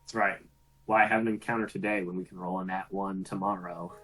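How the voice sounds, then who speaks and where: A man playing a tabletop game, making dry jokes and measured strategic remarks. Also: deep voice, fairly even intonation, sharp tone, husky, soft background music. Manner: dry, joking. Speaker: player.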